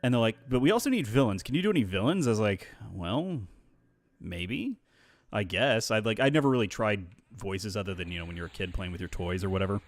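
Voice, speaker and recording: A man's voice: lowish voice, a little fast. A man streaming live, chatting casually and animatedly as he tells stories about voice acting. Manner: animated storyteller who slips into voices. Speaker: streamer and voice actor.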